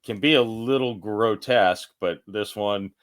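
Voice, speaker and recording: A man's voice: fairly low pitch, unhurried, fairly bright tone. A man hosting a podcast, chatting casually in a rambling, self-correcting way. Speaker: podcast host. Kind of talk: casual chat.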